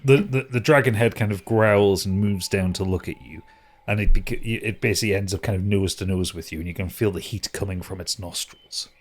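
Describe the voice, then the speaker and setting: Man running a tabletop game, lowish voice, stumbling narration. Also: a little fast. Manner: hesitant, with restarts. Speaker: game master.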